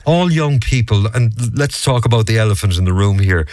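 An Irish man fronts a radio phone-in, brisk and ready to challenge his callers. His voice sits low, and the studio sound is dry and close. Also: lively intonation, a little mellow, no room sound. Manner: brisk, pushes back on callers.

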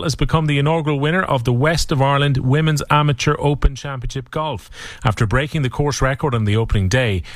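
A man reading the sport news on radio in a steady, measured way. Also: mid-range voice, no room sound. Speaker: sports newsreader. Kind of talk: scripted sports bulletin.

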